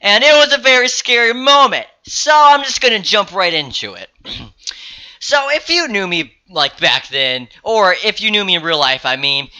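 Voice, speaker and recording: Rambling through a story on his casual vlog, a young man curses often and keeps fixing what he's just said. His voice runs high, pushed and bright, with a clean tone.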